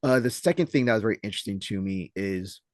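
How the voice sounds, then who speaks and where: A man co-hosting a casual podcast as a judo coach, telling stories in an animated way and acting out what others said. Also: on the low side, fast, no room sound, studio quality. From Southern California. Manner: animated storyteller, acts out quotes loudly.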